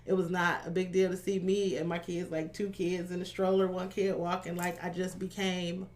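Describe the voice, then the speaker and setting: A woman's voice: on the low side, level tone, moderate pace. A woman in her thirties, a life coach, speaking candidly as a podcast guest about her past, often laughing. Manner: open, candid storytelling with frequent laughs. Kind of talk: candid personal interview.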